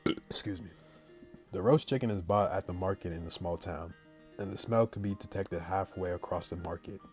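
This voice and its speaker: A man with a very low voice reads the story text of a visual novel out loud, line by line. He stops now and then to toss slangy remarks to his viewers, and faint game music plays underneath. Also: fairly quick. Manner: plain read-aloud, breaks off into slangy chat to viewers. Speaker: gaming channel host. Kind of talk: reading visual novel text aloud with casual asides.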